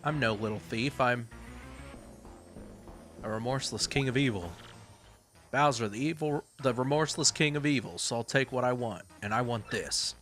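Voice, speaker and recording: A blustering, boastful turtle king of evil, as a man reads him aloud. He brags and fumes in a gruff voice over a mid-pitched base, with faint music playing underneath. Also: normal speed, long pauses, fairly bright tone, close to an everyday voice. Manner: boastful, gruff, easily outraged.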